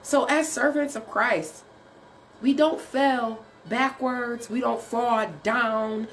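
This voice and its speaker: A woman's voice: a little high, fairly even intonation, slow pace, a little hiss or hum. A woman coach giving a faith-based motivational talk, speaking in a preachy, encouraging way with rhetorical questions. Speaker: writing coach.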